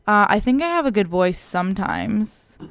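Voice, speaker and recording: A woman co-hosting a podcast with her partner, talking in a chatty, rambling way with a high, tinny voice close to the mic. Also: big pitch swings, normal speed, vocal fry, a bit bright, no echo. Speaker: podcast co-host. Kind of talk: casual chat. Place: home podcast setup, live-streamed.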